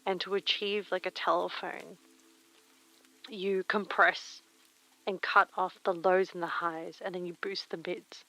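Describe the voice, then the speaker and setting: A young woman streamer chatting softly and reading poems aloud in a breathy, near-whispered voice through a retro telephone-style mic filter. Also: fairly low pitch, little pitch movement, unhurried, no room sound. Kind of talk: casual chat and poetry reading. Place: home streaming room. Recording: filtered lo-fi mic with faint rain.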